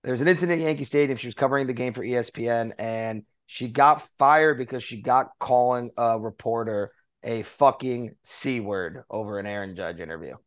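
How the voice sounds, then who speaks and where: A man's voice: mid-range voice, moderate pace. A man co-hosting a baseball podcast, running through news items in a casual, conversational way with frequent fillers. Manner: conversational, reads notes with fillers. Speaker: podcast co-host. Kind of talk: casual sports chat.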